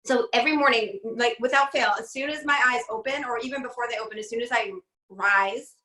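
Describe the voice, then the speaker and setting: A woman's voice: fairly high pitch, a little fast, pushed and bright. A woman in her forties, a guest on a video call interview, talking in an upbeat, chatty way and laughing often. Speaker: guest, speech pathologist. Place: home room. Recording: roomy home video call audio.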